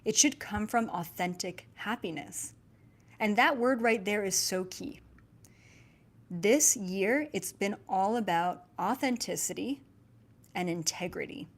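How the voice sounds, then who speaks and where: A young woman hosting her own channel, chatting to viewers in a casual, animated monologue with fillers and asides. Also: mid-range voice, slow pace. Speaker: spiritual channeler and channel host.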